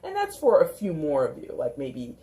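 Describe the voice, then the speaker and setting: A woman giving a casual, chatty tarot reading, animated and given to mimicking people in little put-on voices. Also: low voice, normal speed, roomy sound. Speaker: tarot reader.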